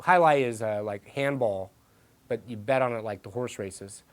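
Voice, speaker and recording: A man reminiscing in an interview, relaxed and chatty with frequent fillers. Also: mid-range voice, moderate pace. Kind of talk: interview recollection.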